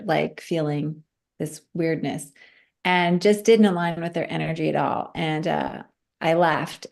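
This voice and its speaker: A woman guest telling a personal story in a casual chat, acting out the voices of the people in it. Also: lowish voice. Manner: animated, acts out quoted voices.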